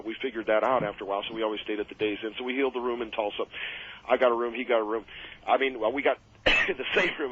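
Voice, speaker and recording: Man, radio guest, rambling animated storyteller, quick talker, muffled old broadcast sound. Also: medium pitch, slightly rough. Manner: animated, rambling storyteller who laughs at his own tales. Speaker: guest wrestler telling road stories. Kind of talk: casual radio interview storytelling.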